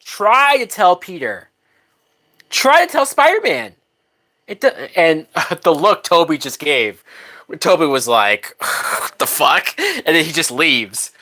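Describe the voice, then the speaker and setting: A woman's voice: fairly low pitch, very animated, slow pace, pushed and bright. A woman hosting a live movie watch-along, talking bluntly with frequent swearing and laughter. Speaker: movie reaction host.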